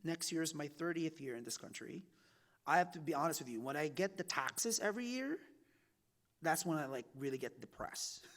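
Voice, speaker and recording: A man's voice: on the high side, animated, normal speed. Man in his forties, talking in a reverberant hall. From Philippines. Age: 40s. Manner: chatty, often tags "right?" and "like", loudness swings widely. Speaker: author giving a campus talk. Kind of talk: conversational public talk. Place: university event room.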